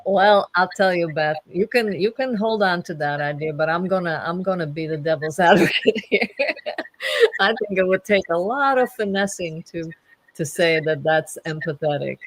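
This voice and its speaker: A woman's voice: fairly low pitch, normal speed, dry recording. A woman in casual conversation, playful and teasing, laughing often.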